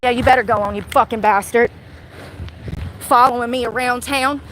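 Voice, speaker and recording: A woman's voice: on the high side, steady tone, normal speed, rough recording. A woman, ranting indignantly to her phone camera in a vlog while standing outside by a busy road. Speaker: vlogger. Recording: loud outdoor traffic noise.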